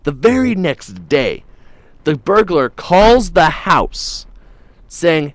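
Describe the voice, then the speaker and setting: A man's voice: a little high, very animated, takes it slowly, no echo. Upbeat male morning show host. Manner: rambling, jokey storytelling with many fillers. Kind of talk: casual radio-style chat.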